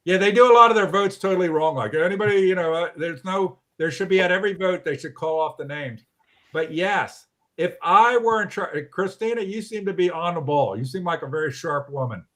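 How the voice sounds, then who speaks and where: A man hosts a casual online talk over a video call. He is blunt and animated and swears now and then. His voice sits a bit higher than most men's. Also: a little fast. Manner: blunt, animated, mildly profane. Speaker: host of a local politics livestream.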